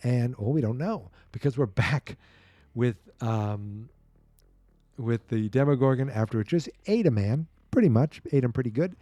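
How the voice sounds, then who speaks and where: A man's voice: medium pitch, expressive, normal speed, warm tone, dry recording. A man hosting a podcast who casually recaps a comic book page by page, reacting as he reads. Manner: chatty, exclaims and reacts while reading. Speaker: podcast host.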